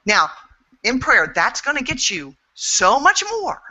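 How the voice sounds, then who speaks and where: A woman's voice: a little high, huge pitch swings, slow, sharp tone, rough recording. A woman speaking as an interview guest and intuitive healer, frank and earnest, swearing freely as she talks. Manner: earnest and emphatic. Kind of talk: candid interview talk.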